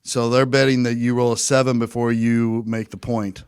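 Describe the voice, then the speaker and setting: A man's voice: mid-range voice, flat delivery, normal speed, clean tone, no echo, clean studio sound. A man co-hosting a podcast, telling rambling stories in casual, profane chat. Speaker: podcast co-host.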